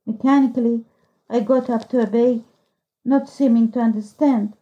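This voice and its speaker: A woman narrating a story as an audiobook reader, in a slow, measured storytelling manner, on a dull lo-fi recording. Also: a little high, fairly even intonation, warm tone. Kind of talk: scripted narration.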